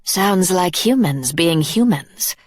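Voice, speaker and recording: A woman's voice: on the low side, animated, slow pace, husky, no room sound, clean studio sound, exaggerated voice. A woman doing a breezy, mocking young woman. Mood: teasing. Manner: breezy, teasing.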